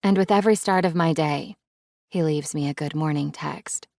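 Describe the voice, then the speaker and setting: A woman's voice: deep voice, normal speed, gravelly, a little mellow, dry recording, clean studio sound. A woman narrating a first-person romance audiobook in a wry, playful, intimate way.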